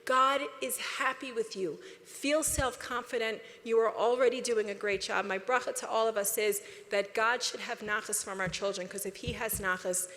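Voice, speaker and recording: Middle-aged woman giving a talk, bright sharp voice, long echo from a big hall. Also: a little high, moderate pace, hardly any pauses. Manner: lively, direct, drops to a whisper. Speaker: speaker. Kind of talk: motivational talk to an audience. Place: large convention hall.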